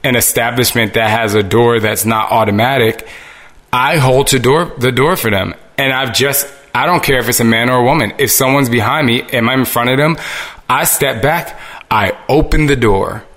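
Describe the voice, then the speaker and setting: A man talking in a casual, earnest monologue to his listeners, animated and full of restarts. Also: medium pitch, normal speed.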